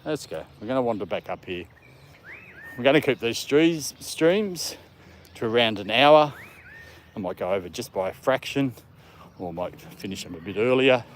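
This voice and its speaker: A man's voice: medium pitch, expressive, normal speed, pauses often. A man, chatting casually on a live stream while he walks his dog in a park and talks to it. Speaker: vlogger walking his dog. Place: outdoors in a park. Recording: faint outdoor background noise.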